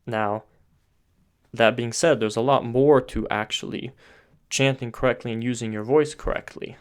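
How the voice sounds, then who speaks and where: A man's voice: mid-range voice, fairly even intonation, normal speed, smooth. A man giving an online voice lesson, explaining patiently step by step with occasional filler words. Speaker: voice teacher.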